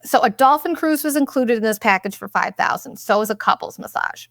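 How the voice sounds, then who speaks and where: A young woman hosting a podcast, telling a vacation story in a blunt, profane, animated way and acting out what people said. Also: a little high, brisk, creaky, dry recording, studio quality. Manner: blunt and profane, animated retelling with quoted asides. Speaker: podcast host. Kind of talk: casual storytelling monologue.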